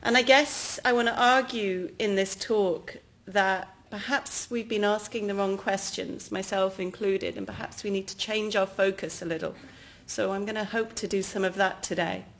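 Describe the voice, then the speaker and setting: A woman from England with an English accent, giving an academic keynote lecture in a lively, jokey way, speaking straight to the audience. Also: mid-range voice, normal speed. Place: lecture hall.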